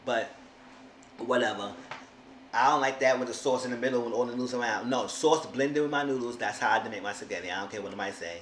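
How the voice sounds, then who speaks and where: A man's voice: medium pitch, quick pace, a bit bright. Sassy man ranting in an echoey room. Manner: sassy, exasperated, mimics people in quotes. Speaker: TV show reviewer. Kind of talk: casual recap commentary. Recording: echoey room with faint noise.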